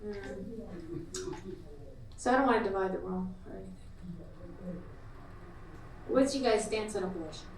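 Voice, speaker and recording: A woman's voice: medium pitch, moderate pace, creaky, pauses often, a little hiss or hum. A middle-aged woman doing a brash, crude stand-up set in a small comedy club, laughing at her own punchlines. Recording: echoey club recorded from far off. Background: loud crowd laughter.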